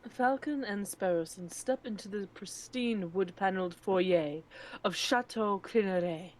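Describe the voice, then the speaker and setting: A woman's voice: mid-range voice, a little hiss or hum, lightly acted. A woman putting on a formal British narrator voice to read a game's story text aloud. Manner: measured, formal storybook reading. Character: formal British female narrator, calm and measured.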